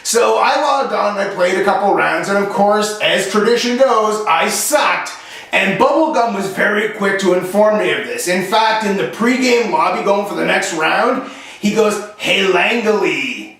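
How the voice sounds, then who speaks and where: A man hosting his own show, telling a comic story in an animated, sarcastic way. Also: sits high, normal speed, vocal fry. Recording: echoey room, voice heard from a distance.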